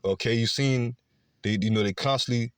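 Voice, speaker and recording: A man's voice: medium pitch, normal speed, dry recording, studio quality. A man preaching a scripture-based sermon, emphatic, often adding "okay" and "man". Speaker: street preacher.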